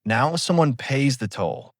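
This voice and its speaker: A man voicing a calm, commanding, cruel spirit in the fog that knows too much. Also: mid-range voice, a little slow, no room sound, studio quality, pitched above the performer's own voice, close to an everyday voice.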